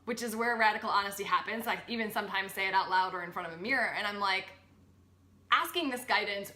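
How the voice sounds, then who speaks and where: A woman talking as a podcast guest about spiritual growth, animated and expressive, acting out her inner voices. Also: mid-range voice, fast talker, roomy sound. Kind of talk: spiritual coaching conversation.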